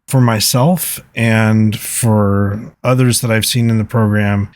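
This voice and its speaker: Low-voiced man hosting a recovery podcast. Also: steady tone, slow, darkish tone, no echo. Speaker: podcast host. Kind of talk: solo podcast talk, reading listener comments.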